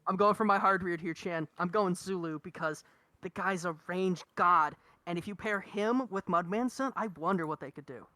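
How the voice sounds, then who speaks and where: High, bright young male co-commentator. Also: moderate pace, no room sound. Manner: enthusiastic, analytical, talks in rhetorical questions. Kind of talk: live-stream esports draft commentary.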